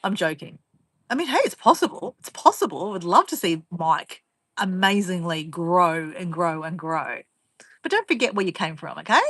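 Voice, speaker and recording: Australian woman vlogger, bright tense voice, dry close sound, rambling and teasing. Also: on the low side, very animated, normal speed, dry recording. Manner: rambling, chatty, laughs often, teasing. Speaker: vlogger reading viewer comments. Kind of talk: casual live chat.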